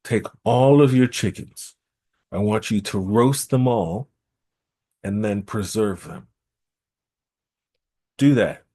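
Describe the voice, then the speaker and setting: A man's voice: fairly low pitch, slow pace, long pauses, mellow, breathy edge. A man voicing Eshu, a spirit disguised as a man, giving emphatic, insistent instructions. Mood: commanding.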